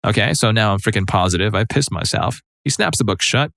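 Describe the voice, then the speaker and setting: Low-voiced male story narrator. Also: animated, brisk, vocal fry, a bit bright, dry recording. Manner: conversational, wry storytelling. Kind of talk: narrated online stories, first-person.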